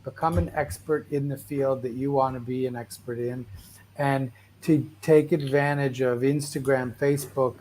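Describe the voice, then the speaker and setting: A man hosts a casual motivational talk, wandering through stories while leaning on "right?" and "like" and often starting over. His voice is mid-range at a moderate pace, with slight background noise. He comes across as a restless, animated storyteller.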